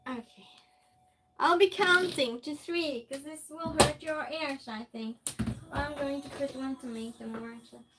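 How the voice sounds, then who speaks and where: A woman with a high-pitched, unhurried voice livestreams from her home kitchen as she cooks, chatting casually with her viewers and talking to herself while she works. Heavy noise fills the background.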